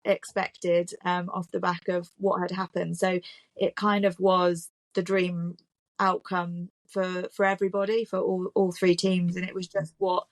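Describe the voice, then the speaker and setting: A woman's voice: lowish voice, little pitch movement, measured pace, dry recording. A British woman, an Olympic rider, chatting reflectively as a podcast guest with frequent ums and restarts. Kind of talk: casual chat.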